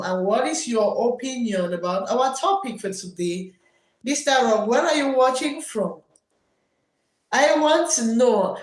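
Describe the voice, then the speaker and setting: A woman teacher hosting a live stream, reading viewer comments aloud in a loud teacher's voice and repeating her phrases. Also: fairly high pitch, expressive, slow, reverberant, poor audio.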